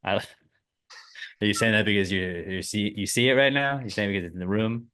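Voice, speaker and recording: A man in his thirties co-hosting a podcast, rambling casually, swearing, and speeding up in animated bursts. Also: lowish voice, brisk. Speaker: podcast co-host. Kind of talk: casual chat.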